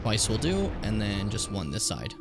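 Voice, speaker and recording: A man's voice: lowish voice, wildly swooping pitch, moderate pace, loud music behind the voice. A tired man in his late twenties, streaming a game casually, swearing freely and stumbling as he reads on-screen text aloud. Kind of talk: casual gameplay commentary.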